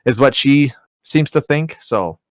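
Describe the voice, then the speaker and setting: A man's voice: medium pitch, expressive, measured pace, no room sound. A man, casually telling a long story on a podcast, rambling with lots of "like" and "you know.". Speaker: podcast co-host.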